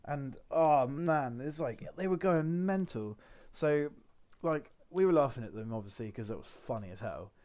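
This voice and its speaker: A man's voice: medium pitch, animated, moderate pace, a little mellow. A young man, a podcast co-host, telling rambling anecdotes in casual chat with lots of swearing.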